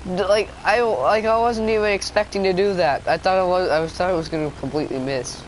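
A young man narrates his gameplay in a loose, rambling way, cracking jokes at his own expense. His voice sits a little on the high side. Loud in-game noise plays behind him the whole time. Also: a little fast. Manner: joking, rambling, self-mocking. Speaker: gaming YouTuber. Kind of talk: casual gameplay commentary.

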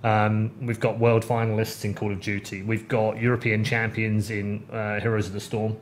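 A man in casual podcast chat, telling stories with lively swings of pitch when he gets excited. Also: moderate pace, a little hiss or hum. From United Kingdom. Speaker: podcast host.

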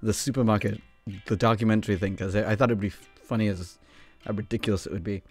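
A man's voice: on the low side, steady tone, fast, breathy edge, soft background music. A man hosting an improv game stream, talking in a casual, rambling way with frequent restarts and stumbles. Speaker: host. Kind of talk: casual chat.

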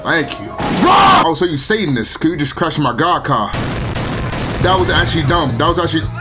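Young male gaming host; joking, excitable, animated delivery. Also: fairly high pitch, a little fast, music in the background. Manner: excitable, joking, shouts and exclamations. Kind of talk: casual gameplay commentary.

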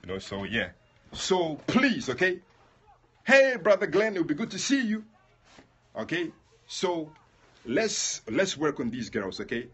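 A man's voice: a little high, wildly swooping pitch, measured pace, pauses often, breathy edge. A man leading a prayer livestream, chatting casually and addressing viewers by name.

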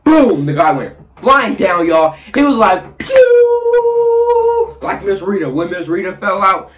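Animated storytelling man, fairly high voice. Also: normal speed. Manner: acts out scenes with sound effects and shifting voices. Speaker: storytime vlogger. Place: bathroom, sitting on the toilet.

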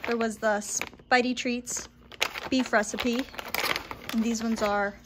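A woman unboxing dog toys and treats at home in a casual vlog, gently coaxing her dogs between descriptions of each item. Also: a little high, level tone, slow. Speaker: dog owner reviewing a subscription box. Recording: noisy home recording.

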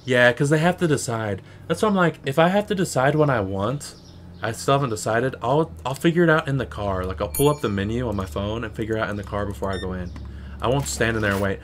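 A man's voice: on the low side, a bit bright, a little hiss or hum. A young man streaming a shop game, chatting casually and sarcastically, with lots of "bro" and "like". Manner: rambling, sarcastic, says "bro" and "like" a lot. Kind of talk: casual gameplay commentary.

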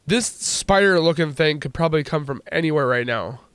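Let's-play host, man, slightly high voice, excitable and jokey, dry close sound. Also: brisk, clear, resonant tone, dry recording. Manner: excitable, jokey, exclaims and laughs often. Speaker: gaming channel host.

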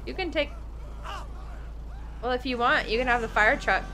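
A woman's voice: fairly high pitch, moderate pace, background noise. A young woman streamer chatting playfully to herself and laughing often while playing a video game live.

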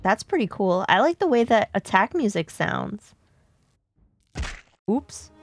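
Slow-talking woman streaming a game. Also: medium pitch, very animated. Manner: chatty, talks to herself and chat while playing. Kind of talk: live game stream chat.

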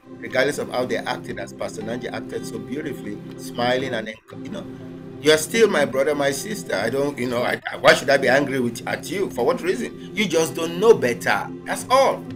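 A man hosting a ministry talk, preaching in an animated way and acting out the voices he quotes. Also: mid-range voice, normal speed, music in the background. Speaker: ministry host. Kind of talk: sermon-like conversation.

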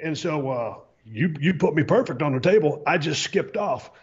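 A middle-aged man hosting a podcast, explaining a story in a relaxed, plainspoken way. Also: a little high, normal speed, slightly rough, highs cut off. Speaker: podcast host. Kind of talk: casual storytelling chat.

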